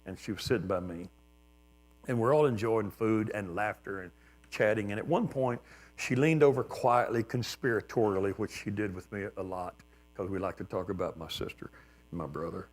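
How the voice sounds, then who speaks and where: An older man, a pastor, telling a personal story in a sermon, reflective and plain-spoken with gentle humor. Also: lowish voice, normal speed.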